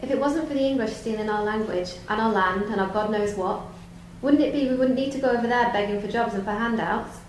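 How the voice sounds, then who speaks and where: A woman's voice: fairly high pitch, a little fast, few pauses, roomy sound, a little hiss or hum, natural voice, rough recording. A woman playing a bitter, sarcastic daughter. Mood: scornful. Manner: scornful, sharp-tongued and resentful. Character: bitter, sarcastic middle-aged spinster daughter. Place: theatre studio.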